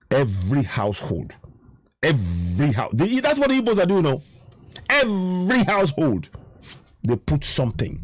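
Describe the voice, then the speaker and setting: Nigerian man, Yoruba accent, high lively voice, dry close sound, fired-up preachy rant. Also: dry recording. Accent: Nigerian English, Yoruba. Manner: frustrated, preaching, repeats himself for emphasis. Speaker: online commentator. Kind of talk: impassioned political monologue.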